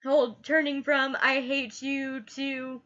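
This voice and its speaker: Slow bright high-voiced woman. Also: little pitch movement, lo-fi sound. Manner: gushing, repeats last words like an echo. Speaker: TV reviewer. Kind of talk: casual spoken review.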